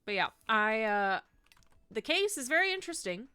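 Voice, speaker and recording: A woman streaming a game from home on a desk microphone, chatting casually and ranting with animated disgust. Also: a little high, normal speed, clean tone, no room sound. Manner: animated, says 'ew' and 'icky' with disgust, ranting. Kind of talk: casual gameplay stream chat.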